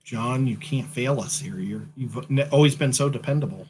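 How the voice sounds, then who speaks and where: A man's voice: medium pitch, normal speed, a little mellow, slightly rough. A man co-hosting a casual chat, playful and talkative with joking asides, a bit sleepy. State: sleepy, yawning. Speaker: co-host.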